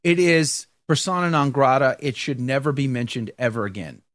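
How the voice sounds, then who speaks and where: A man's voice: mid-range voice, moderate pace, no room sound, studio quality. A man co-hosting a live talk show in casual chat, joking and reading viewer comments aloud. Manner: animated, jokey, reads viewer comments aloud.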